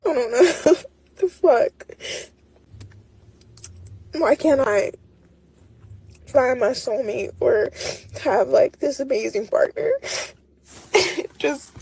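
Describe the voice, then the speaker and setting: Young woman in her twenties, confessional vlog; breathy, high, slow-spoken, hesitant and filler-heavy, dry close sound. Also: darkish tone, no room sound. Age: 20s. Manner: hesitant, full of "like" fillers, nervous laughs. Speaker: woman in a played video clip.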